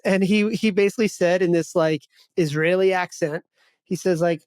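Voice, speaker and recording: A man's voice: high-pitched, level tone, fairly quick, no room sound. A man in his forties hosting a podcast interview, telling rambling stories in a casual chat with many restarts. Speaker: podcast host.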